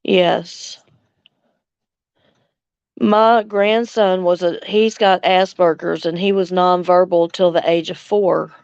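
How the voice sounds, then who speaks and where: Slow-talking older woman, smooth, tearful. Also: fairly low pitch, steady tone, darkish tone, no echo, muffled recording. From Louisiana, USA. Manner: slow, tender, chuckling between lines. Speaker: livestream host. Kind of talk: casual livestream chat.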